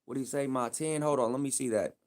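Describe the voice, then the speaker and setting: A man's voice: medium pitch, fast. A man live streaming, talking in a casual, heated and profane rambling rant.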